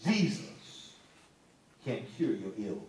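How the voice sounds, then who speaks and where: A man preaching a sermon to a congregation, folksy and animated, teasing people in the pews. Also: lowish voice, takes it slowly. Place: church sanctuary. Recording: echoey room, mic at a distance, faint ambience.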